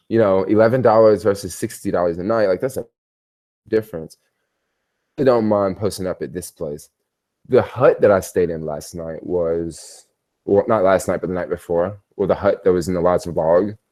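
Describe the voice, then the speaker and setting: A man's voice: low-pitched, moderate pace, mellow. A man chatting casually on a livestream from his hotel bedroom, telling stories in a rambling, slangy way. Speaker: travel vlogger.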